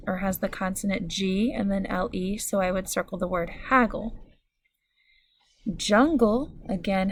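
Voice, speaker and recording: A woman teacher leads a recorded phonics lesson at a deliberate, clear pace. Her mid-pitched voice has a slight gravelly fry. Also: slight background noise. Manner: slow, clear, instructive.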